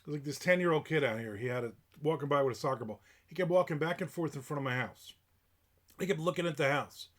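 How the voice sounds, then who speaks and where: Grumpy ranting man, slightly high voice. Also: quick pace, a bit bright. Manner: grumpy, ranting, complaining about strangers. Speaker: livestreamer. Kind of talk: casual live-stream rant.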